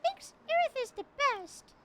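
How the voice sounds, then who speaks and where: A woman voicing a cheerful, pleading young companion in a video game, sweet and animated. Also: extremely high pitch, measured pace, very noisy, heavily acted. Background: game music.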